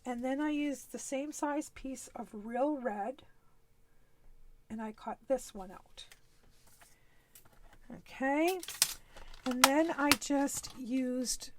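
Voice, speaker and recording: Slow-talking Canadian East Coast woman demonstrator. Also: high voice, a little hiss or hum. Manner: chatty, easygoing, talks while working, frequent little laughs. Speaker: stamping demonstrator hosting a live stream. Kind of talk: casual crafting demonstration.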